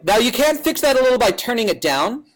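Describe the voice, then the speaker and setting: High-pitched guy teaching a class, loud teacher voice, chatty and loose. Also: sing-song, fast talker. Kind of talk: classroom software tutorial.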